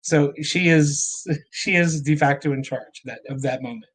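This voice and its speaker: A man who is a podcast guest, telling stories in casual chat with halting, rambling restarts. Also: a little high, fairly bright tone.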